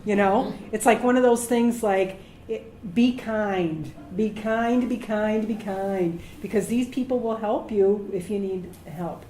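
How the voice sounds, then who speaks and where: A middle-aged woman, a medical assistant, giving career advice to students as a lively storyteller who acts out the voices of people she quotes. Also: mid-range voice, takes it slowly. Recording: echoey room with faint noise.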